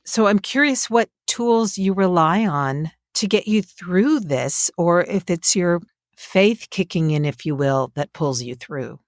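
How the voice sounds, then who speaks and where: A woman with a low voice hosts a podcast interview. She asks long, winding questions and keeps affirming her guest. The recording is dry and close. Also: expressive, unhurried, dry recording. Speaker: podcast host.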